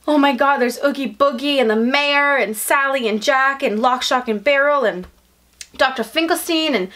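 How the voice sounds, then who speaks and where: A young woman vlogging an unboxing, chatting to her viewers with gushing, breathless excitement. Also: sits high, moderate pace.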